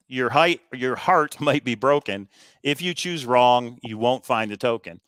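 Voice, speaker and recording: A man hosts a treasure hunt video in a relaxed, rambling way, thinking aloud and filling pauses as he explains his reasoning. His voice sits in a middle pitch. The recording is dry, with no room sound. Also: clean tone, no room sound. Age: adult with kids. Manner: chatty, thinking aloud, frequent fillers. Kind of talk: casual walkthrough commentary.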